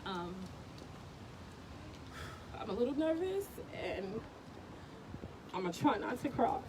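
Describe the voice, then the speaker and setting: A woman's voice: fairly high pitch, sing-song, takes it slowly. A woman giving an emotional speech at an outdoor protest, impassioned and insistent, repeating phrases for emphasis. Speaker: protest speaker, sister of the deceased. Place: outdoors on a city street. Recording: distant mic on a noisy street.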